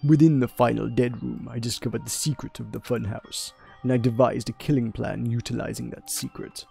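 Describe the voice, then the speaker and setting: A man's voice: medium pitch, fairly even intonation, fairly quick, gravelly, warm tone, breathy edge, soft background music. A man voicing a grandiose, haughty young man in a posh put-on voice, declaiming formally while playing through a game. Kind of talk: let's play voice acting.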